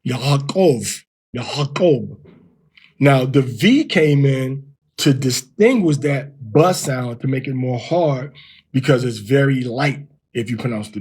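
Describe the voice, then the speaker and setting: A middle-aged man teaching Hebrew pronunciation, explaining patiently and repeating words slowly to demonstrate sounds. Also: mid-range voice, breathy edge. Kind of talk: Bible Hebrew pronunciation lesson.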